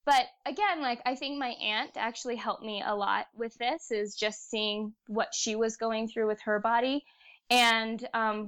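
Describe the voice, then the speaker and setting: A young woman guest on a casual podcast, telling personal stories in an earnest, animated way. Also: a little high.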